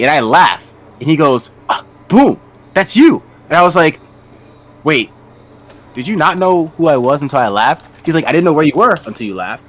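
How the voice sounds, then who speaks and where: A man from Maryland hosting his stream, telling stories in a relaxed, animated way. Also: mid-range voice. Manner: animated storyteller, laughs loudly. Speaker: streamer host. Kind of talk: casual chat.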